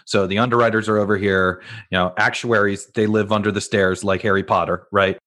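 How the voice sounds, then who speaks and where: A male interview host with a low voice. He asks long, meandering questions in an easy, relaxed way. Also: brisk. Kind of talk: conversational interview.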